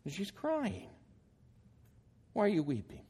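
A man's voice: sits high, wildly swooping pitch, measured pace, a little mellow, breathy edge. A man preaching a sermon, reading scripture aloud and then explaining it with growing emphasis.

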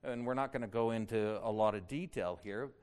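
Going through the passage verse by verse, the preacher shifts between loud quoted cries and low, unhurried delivery on solemn matters in his expository sermon.

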